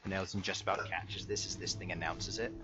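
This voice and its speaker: A man running a tabletop game as game master, narrating scenes and explaining rules briskly. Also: sits low, little pitch movement, crowd noise. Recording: dull lo-fi mic.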